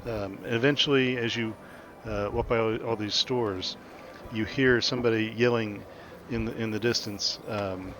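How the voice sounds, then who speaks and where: A man's voice: on the low side, steady tone, moderate pace, few pauses, background noise. A man narrating as game master, describing scenes with many restarts and ums.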